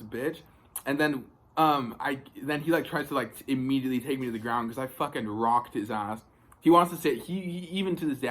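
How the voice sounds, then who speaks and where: A man's voice: mid-range voice, a bit bright, a little hiss or hum. A young man telling a story in a casual vlog, rambling, swearing often and filling with "like". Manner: rambling, profane, filler-heavy retelling. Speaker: vlogger.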